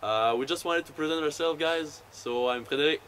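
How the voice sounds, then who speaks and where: A man's voice: fairly high pitch, brisk. A young French Canadian man hosting a casual outdoor vlog, joking and playful. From Quebec, Canada. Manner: playful, joking, lively banter. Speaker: channel host. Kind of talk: casual chat. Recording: faint outdoor noise.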